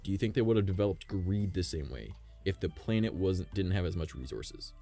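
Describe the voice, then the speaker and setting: A man's voice: deep voice, animated, a little fast, creaky, warm tone, faint music behind. A man streaming live from home, chatting loosely with his chat, rambling through wild theories and swearing freely. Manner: rambling, swears a lot, speculative. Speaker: livestreamer.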